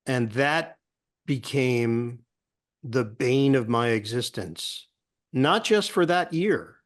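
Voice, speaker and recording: A man's voice: medium pitch, slow pace. A middle-aged man, a sportscaster guest, telling a story in a casual interview and acting out the voices of people he quotes. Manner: animated storyteller who acts out quoted voices.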